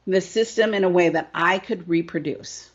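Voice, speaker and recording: A woman's voice: fairly low pitch, moderate pace. Emphatic middle-aged woman, slightly dull audio. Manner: emphatic and repetitive, keeps asking "right?". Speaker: business coach. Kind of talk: conversational interview storytelling.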